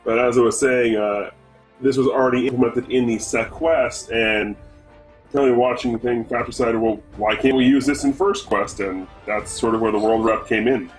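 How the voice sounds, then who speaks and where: A male co-commentator from the northeastern United States offers casual speedrun commentary in a medium-pitched, steady voice at a normal speed. His delivery rambles, full of fillers and restarts, over faint background music, and the audio quality is poor.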